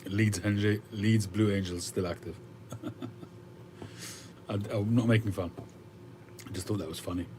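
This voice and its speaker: A man's voice: lowish voice, fairly even intonation, moderate pace, long pauses, background noise. A man hosting a livestream, chatting casually and musing aloud with frequent hesitations as he answers viewer comments. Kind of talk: casual chat.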